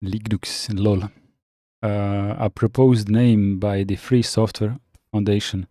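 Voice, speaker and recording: A man chatting casually on a live stream, reading out viewer comments and answering with frequent pauses and restarts. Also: lowish voice, steady tone, warm tone, no room sound, clean studio sound. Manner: halting, many fillers and restarts, reads chat aloud.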